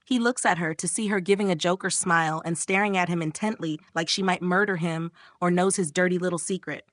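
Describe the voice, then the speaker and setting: A woman's voice: fairly low pitch, brisk, few pauses, no room sound, clean studio sound. A woman narrating a casual, slangy story recap.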